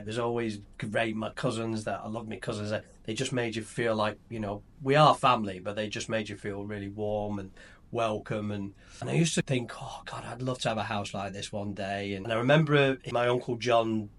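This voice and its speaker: A middle-aged man, a company founder chatting casually on a podcast, rambling and telling stories with many restarts. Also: on the low side. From England. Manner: relaxed, rambling storyteller with restarts.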